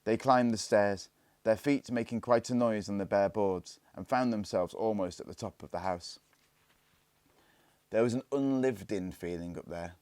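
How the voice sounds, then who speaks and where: Deep-voiced man reading a story. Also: moderate pace, no echo. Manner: calm, hushed in tense parts. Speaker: story reader. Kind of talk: storybook narration.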